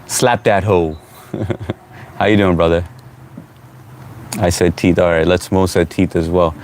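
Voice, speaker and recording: A man hosting a casual live stream, reading out viewer comments and greeting people by name in a relaxed, chatty way. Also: low-pitched, a little slow, slight background noise. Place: at home.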